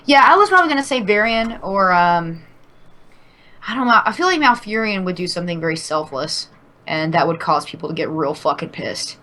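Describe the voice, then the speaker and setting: A woman's voice: fairly low pitch, animated, brisk, pushed and bright. A woman co-hosting a casual gaming podcast, rambling and restarting, swearing casually. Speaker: podcast co-host.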